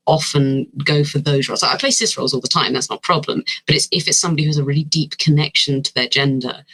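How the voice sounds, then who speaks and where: British actor guest, bright voice, rambly and a bit self-deprecating, casual chat. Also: mid-range voice, poor audio. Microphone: remote call.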